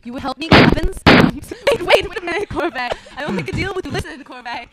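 A man's voice: very high voice, lively intonation, fairly quick, a loud crowd. An actor playing a cowardly, treacherous male ex-convict who pleads and panics, in 1940s radio acting style. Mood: pleading. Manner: pleading, frantic, wavering.

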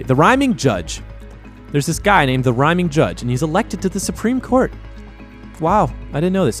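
A man hosting a comedy show, reading odd news stories and adding sarcastic, rambling and crude asides. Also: fairly high pitch. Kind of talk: comic news commentary.

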